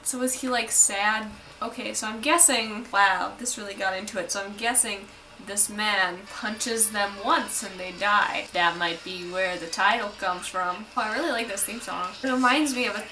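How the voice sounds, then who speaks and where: Casual woman reactor, bright tense tone, rambling "like" asides, faint background hiss. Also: mid-range voice, normal speed, recorded from a distance, low-quality recording. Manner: chatty, lots of "like", wry asides. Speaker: anime reaction vlogger. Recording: voice a bit off-mic with faint noise.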